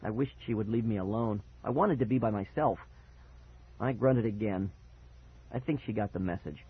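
Husky man narrating a spooky tale. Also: on the low side, moderate pace, no echo. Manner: expressive, dramatic storytelling. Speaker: audiobook narrator. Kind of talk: first-person story narration. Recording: dry, tinny phone-like sound.

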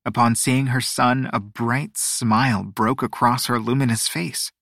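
A man narrating a fantasy novel in an even, descriptive storytelling manner. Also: medium pitch, a little slow, vocal fry, no echo, clean studio sound. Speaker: audiobook narrator. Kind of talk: scripted narration.

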